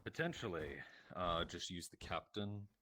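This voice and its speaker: A man planning a role-play game session in a brisk, practical way. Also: deep voice, lively intonation, a crowd in the background. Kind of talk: casual gaming chat.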